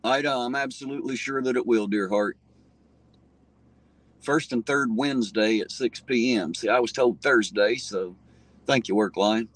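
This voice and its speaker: A man's voice: medium pitch, moderate pace, no room sound. A man hosting a casual livestream, talking bluntly and profanely, restarting his sentences as he answers viewers. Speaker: livestream host reading viewer comments.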